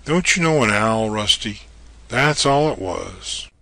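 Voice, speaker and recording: An actor playing a bold, level-headed man exploring an old castle, giving brisk commands. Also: on the low side, animated, creaky, pushed and bright, no echo, full character voice. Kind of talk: audio drama acting.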